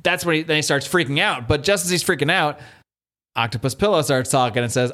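A man co-hosting a casual podcast, recapping a comic book story with lively retellings and quoted lines. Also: mid-range voice, quick pace. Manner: animated retelling, acts out quotes. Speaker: podcast co-host.

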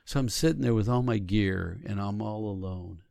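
Gravelly man coaching, earnest and explanatory. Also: on the low side, normal speed, mellow, no echo, clean studio sound. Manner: earnest, explanatory, acts out example lines. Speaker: relationship coach. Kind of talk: teaching conversation.

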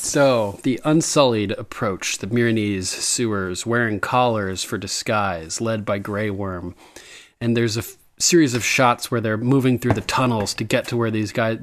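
Enthousiaste man die lacherig een aflevering bespreekt. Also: fairly low pitch. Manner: enthusiastic, laughs often, acts out quoted lines. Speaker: podcast co-host. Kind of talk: casual chat recapping a TV episode.

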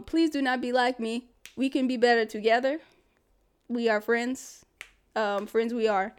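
A woman's voice: a little high, clean tone. A woman hosting a casual solo podcast, talking candidly through life advice with many fillers and asides. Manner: chatty and candid, with frequent fillers and laughs. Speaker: podcast host.

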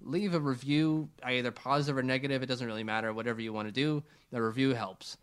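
A man's voice: mid-range voice, fast talker, clean tone. Laid-back man rambling on a podcast. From Canada. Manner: relaxed, rambling with restarts. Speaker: podcast co-host. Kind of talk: casual sports chat.

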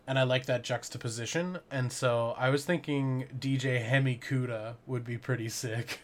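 A man in his thirties co-hosting a podcast, laid-back and joking, often trailing off quietly. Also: mid-range voice, fairly even intonation, moderate pace. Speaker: podcast co-host. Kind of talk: casual chat.

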